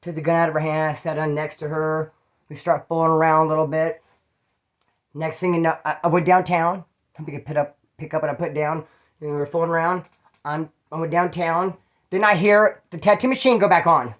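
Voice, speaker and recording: A Californian tells rambling, profane prison stories full of slang and restarts, impersonating others when he quotes them. His voice is fairly high, steady and a bit bright, and he talks fairly quickly.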